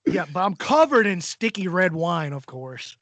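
A man with a Southern American accent from Alabama telling lively stories in casual conversation, laughing often. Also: sits high, normal speed, no room sound. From Alabama, USA. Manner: animated storyteller, laughs often.

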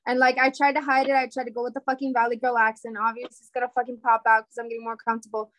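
A young woman streamer with a high voice tells stories bluntly and swears freely in casual chat. She is from the United States and speaks into a dry, close sound. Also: level tone, rapid-fire, a bit bright, no room sound, poor audio. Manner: blunt, profane storytelling.

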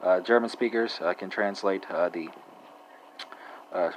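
A man's voice: sits low, unhurried, a little hiss or hum, rough recording. A man hosting a language lesson who talks off the cuff with many "uh" fillers and keeps checking with "right?". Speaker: language podcast host. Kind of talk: unscripted language lesson monologue.

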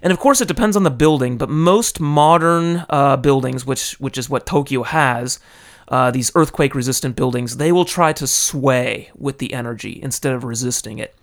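A man from California, animated and dramatic, telling a personal story into a close microphone. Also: mid-range voice, normal speed, gravelly. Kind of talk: casual storytelling monologue. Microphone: close studio microphone.

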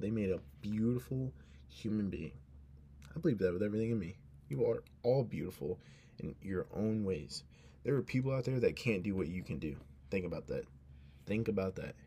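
On his laid-back solo show, a young man speaks in a fairly low, mellow voice over faint background noise. Drowsy and earnest, he rambles and keeps breaking off his own sentences.

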